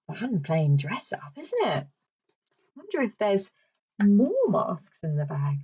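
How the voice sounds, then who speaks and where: Playful, slow-talking woman for toddlers. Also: mid-range voice, huge pitch swings, mellow, muffled recording. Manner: sing-song, playful, slow and clear for toddlers. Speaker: children's speech and language therapist. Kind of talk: children's song and story session.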